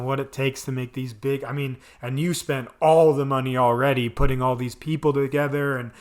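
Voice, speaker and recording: A man reviewing a TV episode in casual chat, rambling with lots of fillers. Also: mid-range voice. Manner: rambling, filler-heavy, enthusiastic. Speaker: video reviewer.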